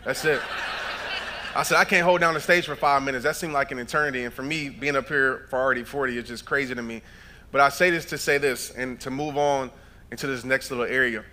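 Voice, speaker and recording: A man in his thirties giving a motivational keynote speech on stage, telling stories with acted-out dialogue and building up to shouted points. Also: medium pitch, fairly even intonation, a little fast, slight background noise. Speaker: motivational speaker. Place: large event hall.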